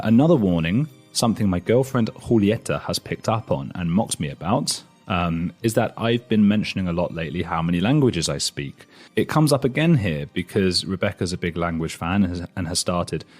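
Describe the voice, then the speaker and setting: A man's voice: low voice, lively intonation, normal speed, soft background music. A man from near London hosting a podcast, chatty and self-mocking, with frequent fillers. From England. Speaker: podcast host. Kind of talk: casual chat and spoken intro.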